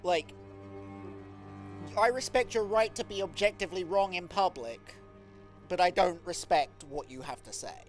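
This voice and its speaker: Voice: medium pitch, a little slow, long pauses, soft background music. A streamer chatting casually and jokingly while playing a game. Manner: playful, jokey, laughs a lot. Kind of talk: casual live-stream chat over a game.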